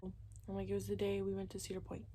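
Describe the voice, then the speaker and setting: A woman's voice: mid-range voice, monotone, fast, mellow, slight background noise. A young woman casually telling a personal story, chatty and candid, filling her talk with "like" and acting out what people said. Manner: candid, chatty, many "like"s, acts out quoted dialogue. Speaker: vlogger.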